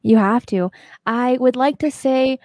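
A woman's voice: high-pitched, a little slow, dark tone, no room sound, studio quality. A woman in casual chat who laughs often and readily agrees with her co-host.

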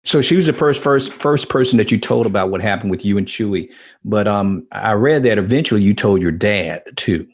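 A male interviewer with a low, husky voice. He reacts briefly and asks gentle follow-up questions. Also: animated, fairly quick.

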